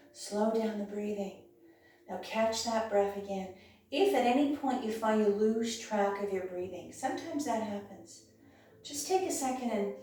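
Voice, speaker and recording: Woman, yoga instructor, calm encouraging cues, occasional hoarseness, big echoing room, distant mic. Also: mid-range voice. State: clearing her throat, losing her voice. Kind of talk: guided yoga class instruction. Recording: very echoey room, voice from far off.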